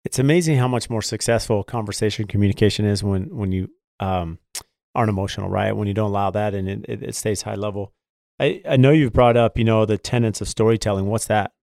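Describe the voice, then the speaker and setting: A man hosting a podcast, talking in a relaxed, thoughtful way with many fillers. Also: lowish voice, fast talker, vocal fry, dry recording, studio quality. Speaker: podcast host. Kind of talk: casual interview chat.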